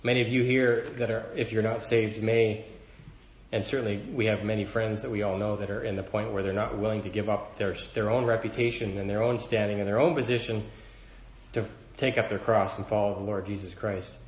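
A man's voice: on the low side, steady tone, a little fast, echoey room, dull audio, a little hiss or hum. A man preaching a sermon to a congregation, earnest and building emphasis as he quotes scripture. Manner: earnest, rising in emphasis when quoting scripture.

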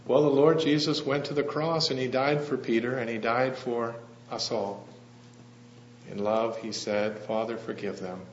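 A man's voice: mid-range voice, fairly even intonation, a little slow. Man preaching a storytelling sermon, echoey room. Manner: gentle storytelling, asks the congregation questions. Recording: echoey, slightly dull room with faint hum.

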